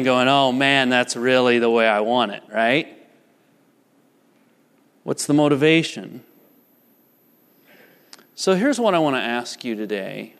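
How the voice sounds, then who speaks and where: A man preaching a sermon earnestly, putting repeated questions to his congregation in a church. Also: on the high side. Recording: church hall reverb.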